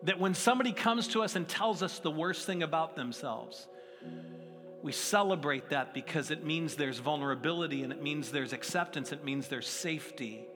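A man's voice: fairly high pitch, moderate pace. A middle-aged man preaching a sermon in a conversational, self-deprecating way with playful asides. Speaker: pastor. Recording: long hall reverb with faint music.

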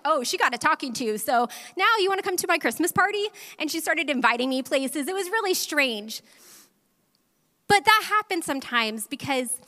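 A woman pastor in her thirties preaching a sermon to a church audience, telling a personal story in an animated way and speaking directly to the crowd. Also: sits high. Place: large church hall. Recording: long hall reverb.

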